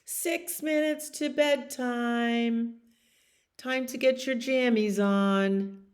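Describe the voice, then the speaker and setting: A woman voicing a storybook father who calls out the bedtime countdown in a slow, sing-song way. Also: a little high, steady tone, pitched above the performer's own voice. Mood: announcing. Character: calm dad calling out bedtime countdown.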